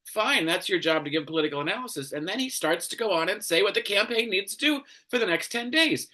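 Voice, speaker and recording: A man's voice: sits high, animated, quick pace, bright, forceful tone. A man hosting a commentary show, ranting angrily with lots of swearing and exasperation. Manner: angry, profane, exasperated.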